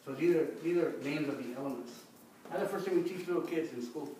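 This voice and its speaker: A man's voice: a little high, fast talker, warm tone, a little hiss or hum. Man leading a call-and-response in an echoey room. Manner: folksy, repeats "you know", leads the audience in call-and-response. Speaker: speaker teaching Aztec calendar names. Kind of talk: talk with call-and-response chanting. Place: record shop event space. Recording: echoey room recorded from a distance.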